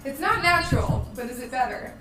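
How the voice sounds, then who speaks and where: A woman's voice: high-pitched, expressive, brisk, far from the mic, over music. A woman guest on a comedy stream, joking in a dry, teasing way. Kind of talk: comedic chat on a live stream. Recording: echoey room, voice off-mic.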